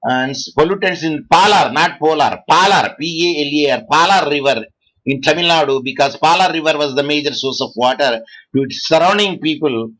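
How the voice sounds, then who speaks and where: A man from India, giving a law lecture to students, halting often and quizzing the class. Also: a little high, fairly bright tone, low-quality recording. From South India.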